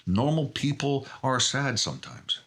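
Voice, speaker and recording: A man's voice: mid-range voice, big pitch swings, unhurried, a bit bright. A middle-aged man speaking as a guest in an interview, talking in an earnest, emotionally open way that often halts and restarts. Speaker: podcast guest. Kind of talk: candid interview conversation.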